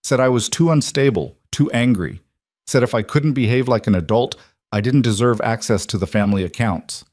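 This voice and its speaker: A man's voice: medium pitch, moderate pace, darkish tone, dry recording, studio quality, lightly acted. A man voicing a blunt, hardened young mafia man who speaks tersely and steadily. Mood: calm.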